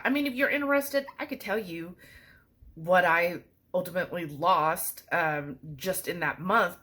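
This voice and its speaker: A woman talks to her viewers in a loose, rambling style, dropping "y'all" every few sentences. Her voice sits a little low for a woman, and she sounds relaxed and conversational. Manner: chatty, rambling, says "y'all" often. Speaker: vlogger. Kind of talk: casual chat.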